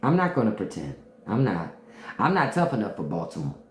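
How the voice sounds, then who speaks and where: Candid D.C. woman with a low voice. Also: very animated, a little fast, a little hiss or hum. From Washington, D.C. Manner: candid, laughs often, drops into imitations of regional speech. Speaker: podcast host on a livestream. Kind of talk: casual livestream chat answering viewers. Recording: echoey room.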